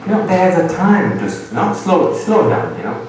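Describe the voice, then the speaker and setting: A middle-aged man giving a public meditation talk in halting English, playful and quick to laugh. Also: medium pitch, big pitch swings, crowd noise. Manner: slow, playful, laughs often, halting non-native English. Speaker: meditation teacher. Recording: echoey hall, distant mic, background ambience.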